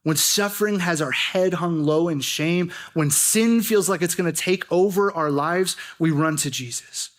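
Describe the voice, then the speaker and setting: Young man, student pastor, high voice, earnest sermon, urgent build. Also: unhurried, hardly any pauses.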